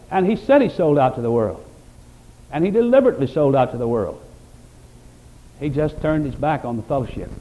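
Man preaching a sermon with a mellow voice. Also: mid-range voice, low-quality recording. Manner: impassioned preaching that swings from loud emphatic peaks to quiet reflective passages; quotes scripture in old-fashioned wording. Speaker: pastor.

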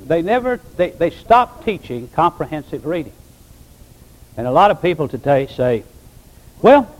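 A man's voice: sits high, rough recording. An older man, a pastor, preaching a sermon in a plain-spoken, folksy way and rising to emphatic exclamations.

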